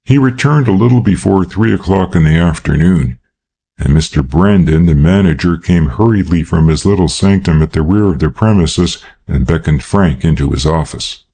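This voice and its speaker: A male narrator reading a classic crime novel with a measured, unhurried delivery. His voice is very deep and dark, with a husky texture. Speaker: audiobook narrator. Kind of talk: scripted narration.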